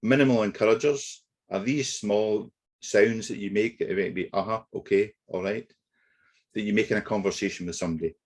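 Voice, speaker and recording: A man leads a negotiation training webinar, speaking in a low, slightly husky voice. He explains concepts steadily and methodically, with the odd filler as he goes. It sounds like a computer mic on a video call. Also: fairly even intonation, a little mellow. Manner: measured explanatory delivery with occasional fillers. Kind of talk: webinar lecture.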